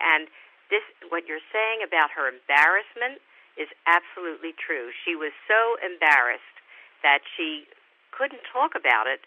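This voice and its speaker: A man joining a radio talk show as a guest expert, speaking earnestly and haltingly, often repeating words. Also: a little high. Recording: tinny phone line.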